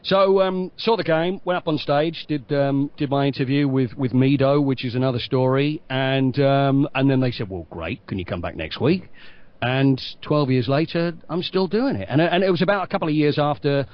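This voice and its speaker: A middle-aged man with an English accent, a stadium announcer telling long, animated anecdotes as a podcast guest. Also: mid-range voice, normal speed, hardly any pauses. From England. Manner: lively storyteller, acts out quoted voices. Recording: dull lo-fi podcast audio.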